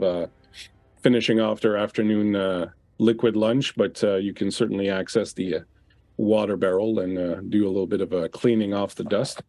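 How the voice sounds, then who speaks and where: A man's voice: lowish voice, steady tone, normal speed, darkish tone, no room sound. A man narrating as game master of a tabletop role-playing game, describing scenes with frequent uhs.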